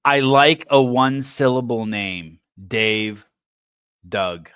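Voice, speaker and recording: A man's voice: medium pitch, slow pace, a bit bright, clear, resonant tone, dry recording, clean studio sound. A man hosting a podcast in a casual livestream chat, riffing in a rambling, profane way with stammered restarts. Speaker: podcast host.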